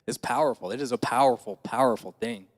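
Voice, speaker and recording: A man's voice: mid-range voice, fast. A man preaching a sermon, telling a personal story in a folksy, conversational way and asking the congregation questions. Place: church hall. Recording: church hall reverb.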